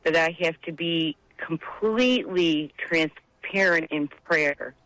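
A woman's voice: sits low, takes it slowly, fairly bright tone, no room sound, rough recording. A woman calling in to a religious radio show, speaking emotionally and rambling about grief and faith over the phone. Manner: heartfelt, tearful, rambling. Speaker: caller. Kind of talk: emotional call-in testimony.

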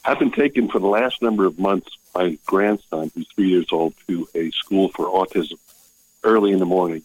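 Older man, husky, calling in. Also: low voice, darkish tone, dry recording, rough recording. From Maryland. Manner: emotional, halting storytelling. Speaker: caller. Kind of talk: phone-in call to a radio show.

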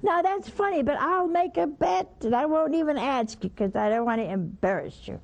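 A woman's voice: high-pitched, expressive, moderate pace, gravelly, a little mellow. A woman giving a spoken sermon, blunt and teasing, with pointed asides to her listeners. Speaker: religious broadcaster teaching scripture.

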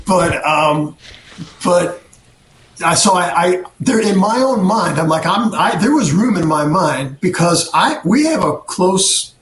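A man co-hosting a podcast in a casual conversation, halting and searching for his words. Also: sits high, expressive, fairly bright tone, echoey room, slight background noise. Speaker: podcast co-host.

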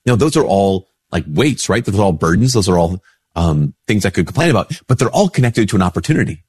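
Husky-voiced priest with a stuffy nose. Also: male voice, sing-song, fast talker, darkish tone, dry recording, studio quality. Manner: conversational, acts out quoted replies in a higher voice. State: a bit sick with a stuffy nose. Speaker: Catholic priest. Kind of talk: casual spoken reflection.

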